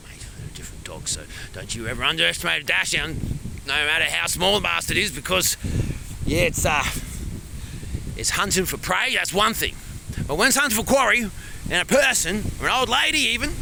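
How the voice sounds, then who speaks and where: A man with a broad Australian accent rambles through a comic monologue as a larrikin bushman. His voice is gravelly and swings widely in pitch. It is recorded outside in the countryside with plenty of background noise. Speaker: comedy character vlogger. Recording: noisy outdoor recording.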